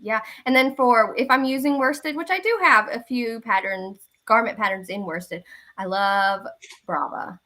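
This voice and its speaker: A woman's voice: on the high side, unhurried, bright, forceful tone. A woman with a Southern US accent, a guest on a live online Q&A, talking in a casual, easygoing way with many fillers. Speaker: guest designer.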